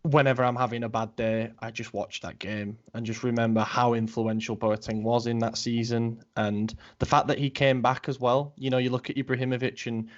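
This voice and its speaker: A man's voice: mid-range voice, little pitch movement, a little fast, hardly any pauses. Young man, chatty, many ums, muffled recording. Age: 20s. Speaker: podcast co-host. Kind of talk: casual chat. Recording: dull lo-fi audio.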